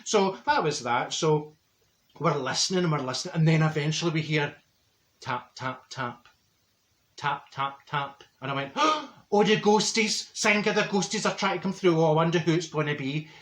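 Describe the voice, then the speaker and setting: A man's voice: a little high, lively intonation, normal speed, a bit bright. A man playing a brash, chatty woman from Glasgow with a Glaswegian accent, telling a comic story with lots of stumbles and repeated words. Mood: gossipy. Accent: Glaswegian Scottish. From Glasgow, Scotland. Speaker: comedy character. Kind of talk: comic monologue. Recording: roomy echo.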